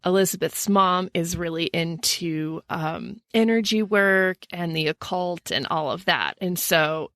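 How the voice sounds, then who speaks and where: Brief: unhurried woman co-host with a gravelly edge, telling a spooky story to a friend. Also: fairly low pitch, a bit bright, no room sound, clean studio sound. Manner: laughs at her own slips. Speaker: podcast co-host. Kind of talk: storytelling casual chat.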